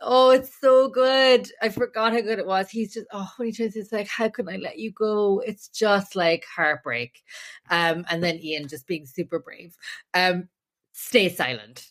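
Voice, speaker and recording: A woman's voice: medium pitch, measured pace. A young woman co-hosting a podcast, chatting casually and rambling with many fillers and restarts. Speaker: podcast co-host. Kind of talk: casual chat.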